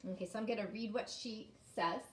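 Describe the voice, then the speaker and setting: A woman's voice: medium pitch, a little fast, echoey room, recorded from a distance, a little hiss or hum. A woman teacher reading a story aloud and guiding young children through a lesson in an encouraging way.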